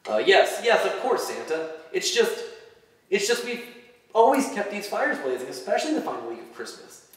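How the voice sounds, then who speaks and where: A man's voice: high voice, very animated, normal speed, a bit bright, voice pushed up. A man reading a story aloud, voicing an anxious male elf who stammers and pleads. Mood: pleading. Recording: echoey hall from far off.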